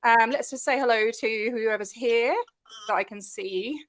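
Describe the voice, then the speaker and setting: An Australian woman from Western Australia hosting a casual livestream, bubbly, chatty and quick to laugh. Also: on the high side. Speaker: livestream host.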